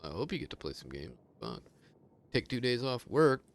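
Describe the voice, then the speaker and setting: A man's voice: medium pitch, huge pitch swings, normal speed. Rambling, foul-mouthed male streamer. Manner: rambling, profane, laughs often. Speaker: game streamer. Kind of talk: casual gaming stream chat.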